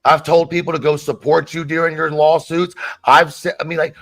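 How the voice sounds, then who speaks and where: A man's voice: a little high, level tone, normal speed, a bit bright, dry recording, faint music behind. A man in a played clip from a livestream, arguing in an agitated, defensive way and repeating himself. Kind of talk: heated live-stream argument.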